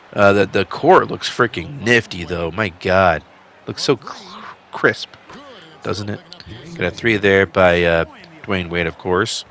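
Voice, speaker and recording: A man's voice: fairly low pitch, creaky, sharp tone. A man casually commentating on a simulated basketball season, chatty and offhand, a little tired from a late night. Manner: chatty, offhand, enthusiastic asides. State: tired, yawning. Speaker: channel host narrating a simulated game season.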